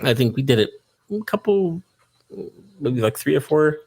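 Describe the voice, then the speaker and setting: A man on a podcast telling a memory haltingly, with many "uh"s. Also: fairly high pitch, lively intonation, darkish tone, breathy edge. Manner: hesitant, many "uh"s. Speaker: team member. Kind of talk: casual podcast chat.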